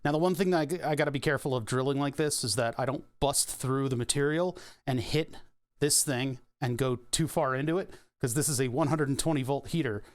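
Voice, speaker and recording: A man with a medium-pitched voice talks fairly quickly while he livestreams a printer repair, chuckling often. He keeps things casual and joking, tossing in sarcastic asides as he works. It sounds like he's on a headset or desk mic.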